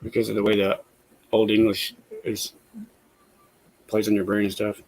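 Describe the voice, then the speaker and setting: A man's voice: fairly low pitch, monotone, normal speed, darkish tone, no echo, low-quality recording. A man from the American South with a Southern accent, chatting in a laid-back way and swearing often. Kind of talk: casual chat.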